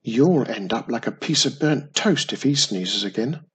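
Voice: medium pitch, expressive, measured pace, breathy edge. A reader voicing a nervous, complaining young male wizard in a storybook, stammering and grumbling. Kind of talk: storybook reading.

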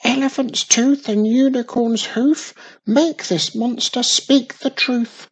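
Casting note: tiny young witch girl, squeaky and shrill, pitched very high. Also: measured pace, rough recording. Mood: commanding.

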